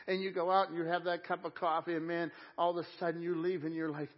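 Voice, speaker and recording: A pastor delivers a conversational sermon at a live church service. His slightly high male voice drops low and slow for tender points, then lifts with excitement. The recording sounds a little muffled and lo-fi. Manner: conversational preaching, swings from hushed to excited.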